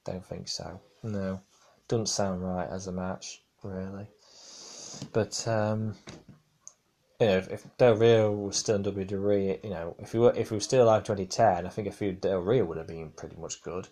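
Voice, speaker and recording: A man's voice: low voice, fairly even intonation, moderate pace, mellow. A man hosting a casual podcast, rambling with many fillers and restarts. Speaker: podcast host. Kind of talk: casual wrestling review podcast.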